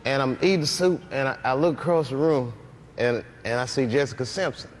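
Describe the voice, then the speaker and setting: A middle-aged man, a comedian guest on a talk show, telling animated stories, laughing often and acting out voices. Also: medium pitch, a little fast, slight background noise. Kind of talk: talk show interview storytelling.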